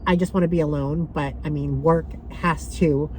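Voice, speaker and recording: A young woman vlogging to camera, soft and halting with many pauses and fillers, emotional and close to tears. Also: sits low, fairly even intonation, slight background noise, low-quality recording. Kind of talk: personal vlog talking to camera.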